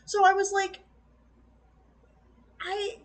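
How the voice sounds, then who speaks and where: A high-pitched woman ranting about a movie she found disappointing. She swings from loud, incredulous outbursts to quiet, slowed-down asides, acting out her own confused reactions as she goes. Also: low-quality recording. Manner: exasperated, animated, quoting her own reactions with sudden swings. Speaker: movie reviewer. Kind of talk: casual review rant.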